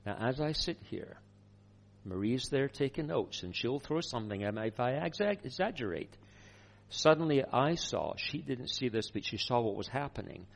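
A man preaching a sermon, telling a personal story in a lively way with chuckles. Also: medium pitch, vocal fry.

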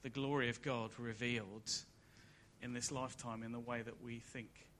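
A man preaching a sermon at a church service, building to loud emphatic peaks and then dropping soft and low. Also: level tone, moderate pace, slight background noise.

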